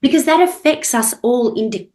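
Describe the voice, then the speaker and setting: Woman teaching with animated inflection. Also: on the high side, normal speed. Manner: demonstrates voice inflection, rising and falling for effect. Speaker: NLP trainer and hypnotherapist guest. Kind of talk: animated expert explanation.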